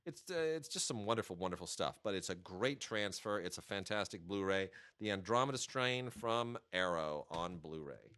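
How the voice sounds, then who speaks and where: A middle-aged man, a film critic, co-hosting a podcast and telling lively anecdotes in casual chat. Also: sits low, moderate pace, few pauses, smooth. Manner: lively anecdotal storytelling with laughs and mimicry.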